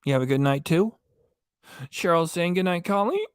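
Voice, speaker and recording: A man's voice: high-pitched, lively intonation, normal speed, smooth, no echo, clean studio sound. A man hosting a casual late-night livestream chat, reading viewer comments aloud into a desk microphone and answering them in a folksy, joking way. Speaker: livestream host.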